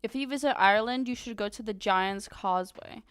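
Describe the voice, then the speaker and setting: A woman's voice: medium pitch, fairly quick, clear, resonant tone, dry recording, faint music behind. A woman streamer chatting casually and reading chat aloud, giggling often and using lots of fillers. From Ukraine.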